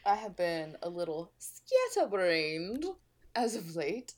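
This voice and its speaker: A woman's voice: fairly low pitch, big pitch swings, takes it slowly. A woman co-hosting a book podcast, opening the episode and laughing often in casual chat. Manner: giggly, opens the episode. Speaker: podcast co-host.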